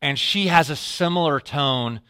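A man preaching a casual sermon, telling a personal story and often dropping to a low, quiet voice when he quotes himself. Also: a little slow, smooth, no echo, studio quality. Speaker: pastor.

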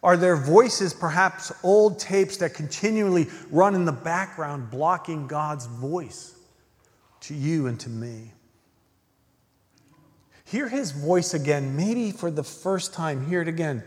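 A man's voice: a little high, slow pace. Guy preaching a sermon, earnest, goes from punchy questions down to near whispers, long echo from a big church hall. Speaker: pastor. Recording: long reverb of a large hall.

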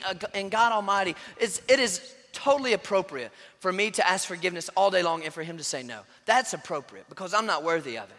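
Animated preacher in a reverberant church. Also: male voice, high voice. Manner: animated storytelling with voiced quotes. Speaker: pastor. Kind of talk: sermon. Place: church sanctuary.

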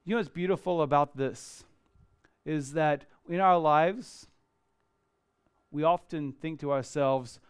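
Animated, high-voiced male pastor preaching. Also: slow pace, long pauses, clean tone, dry recording, clean studio sound. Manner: animated, swings between loud exclamations and soft, hushed asides. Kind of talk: sermon.

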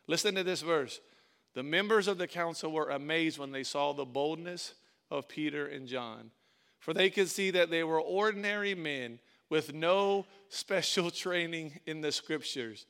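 A middle-aged man preaching a sermon as pastor. He moves from quiet storytelling to loud, animated preaching and calls on the congregation. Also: fairly high pitch, moderate pace, clear, resonant tone. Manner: calls on the congregation, uses "y'all".

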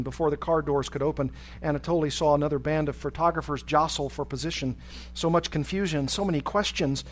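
A man preaching, narrating a dramatic story in a measured way that slows for emphasis. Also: fairly high pitch, rough recording.

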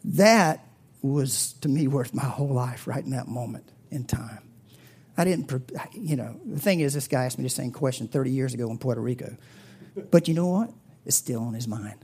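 Male pastor, preaching a sermon, storytelling, swings from loud and high to breathy whispers. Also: lively intonation, normal speed. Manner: storytelling with big swings in pitch and loudness; drops to a breathy whisper at tender points.

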